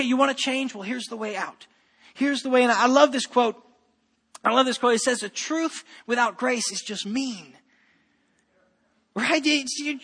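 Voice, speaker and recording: A man preaching a sermon, a pastor with children, who swings from emphatic, loud declarations to quieter, softer stretches. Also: very high-pitched, big-room sound.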